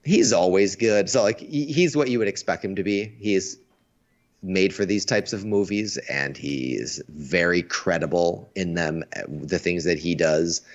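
Deep-voiced guy chatting on a stream, keeps restarting words, muffled lo-fi audio. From United States. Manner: enthusiastic, restarts words often. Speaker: stream co-host. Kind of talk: casual chat. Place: Asia. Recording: dull lo-fi sound.

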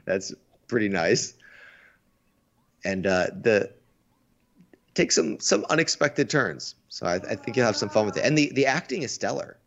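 A man with a very low voice chats eagerly on a stream, stumbling and restarting his words as he gets going. The sound is dull and lo-fi. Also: lively intonation, a little slow, vocal fry, long pauses, a bit bright. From United States. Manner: enthusiastic, restarts words often. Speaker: stream co-host. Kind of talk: casual chat. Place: Asia.

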